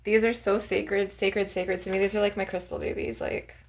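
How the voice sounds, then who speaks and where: In a mid-range voice with little pitch variation and a moderate pace, a young woman vlogs casually to camera, with slight hiss or hum in the audio. She shows off her crystals, rambling with lots of "like" and "you guys."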